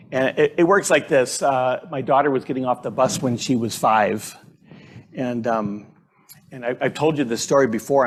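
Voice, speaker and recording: A middle-aged man preaching a sermon in a church, conversational and halting, with frequent fillers and restarts. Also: mid-range voice, slightly rough. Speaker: pastor. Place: church sanctuary.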